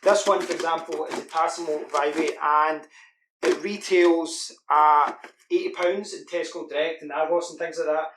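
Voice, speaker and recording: A man's voice: fairly high pitch, fairly even intonation, normal speed. A man from the UK giving a casual, rambling product demo at home. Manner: chatty, rambling with fillers. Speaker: product reviewer. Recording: echoey room with faint hiss.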